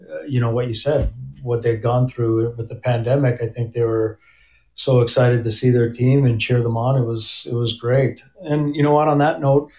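A man's voice: medium pitch, fairly even intonation, normal speed, darkish tone. A man who is a hockey coach, chatting casually in an interview with many restarts and fillers. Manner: conversational, frequent restarts and fillers. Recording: roomy, dull remote audio.

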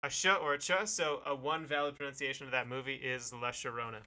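Man, mid pitch, bright tone, chatty and rambling, casual podcast. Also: steady tone, fast talker. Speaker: podcast co-host. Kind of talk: casual chat.

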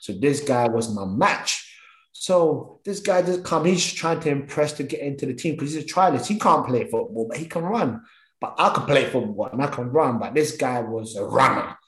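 A man's voice: medium pitch, normal speed, echoey room, poor audio. A man, a former professional footballer, telling stories from his career in conversation and acting out his thoughts. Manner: animated, acts out his own thoughts and others' words. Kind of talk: storytelling conversation.

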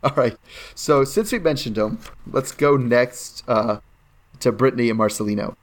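A woman's voice: a bass voice, normal speed. A woman co-hosting a podcast, giving wry, sarcastic casual commentary on a reality show. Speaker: podcast co-host.

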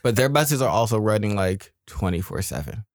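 Man, blunt, brash, low voice, dry close sound. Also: big pitch swings, a little fast, dry recording. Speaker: podcast co-host. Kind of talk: casual chat.

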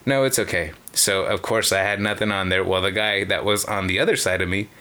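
Deep, bright-toned man, casual and profane storyteller recounting gambling nights. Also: fairly even intonation, a little fast. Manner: profane, rambling, many fillers. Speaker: caller sharing casino stories.

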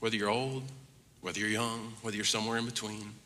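A man preaching a sermon as pastor, swinging between hushed asides and loud emphatic runs. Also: on the low side, level tone, fast talker. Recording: long reverb of a large hall.

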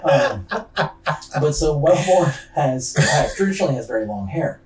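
A man's voice: on the high side, lively intonation, normal speed, a little mellow. Casual man telling a true-crime story. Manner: rambling, loose slang, frequent fillers. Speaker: podcast host. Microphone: laptop's built-in mic. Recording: distant roomy computer-mic recording.

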